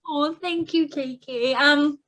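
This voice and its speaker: A woman hosting a podcast, chatting warmly and effusively with her guest over a video call, often moved and gushing with praise. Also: high voice, steady tone, slow. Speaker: podcast host. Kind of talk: casual interview chat.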